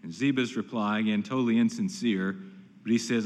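A man's voice: lowish voice, brisk, darkish tone, big-room sound. A pastor preaching an earnest, emphatic sermon, often repeating words as he builds a point.

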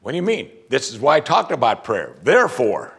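A male pastor delivers a sermon with a husky, slightly breathy voice. His pitch rises and falls widely as he moves between explanation and playful asides. He slips into quoted voices to dramatize his points. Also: fast talker. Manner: animated preaching, acting out quoted voices.

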